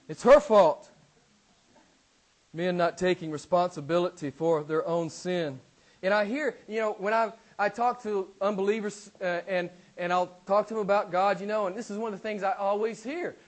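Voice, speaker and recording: Male pastor, high voice, emphatic sermon delivery, acts out quoted voices. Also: moderate pace. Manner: emphatic preaching, acts out voices of people blaming God. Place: church.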